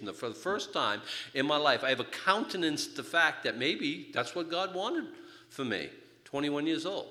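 An older man preaching a sermon, telling his own story in an animated, joking way. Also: on the high side, normal speed. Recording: reverberant hall.

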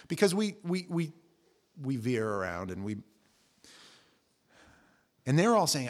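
A middle-aged man preaching a sermon, telling the story with lively, acted-out quotes. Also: normal speed, gravelly, pauses often. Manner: animated storytelling, acting out quotes with jumps in pitch and volume. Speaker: pastor.

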